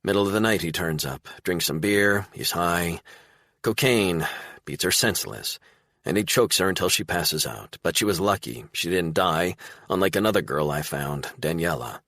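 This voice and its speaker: A no-nonsense woman detective in an audiobook thriller, firm and brisk, her lines raised a little above the reader's deep voice, as a male narrator puts her on. The delivery is lively in pitch with a gravelly grain and dry, close sound. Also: no echo.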